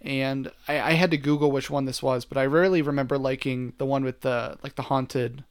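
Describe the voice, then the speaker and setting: A man's voice: mid-range voice, flat delivery, a little fast, smooth. A man co-hosting a casual movie review chat, talking loosely with lots of "like" and restarts. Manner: chatty, full of "like" and restarts. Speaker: podcast co-host.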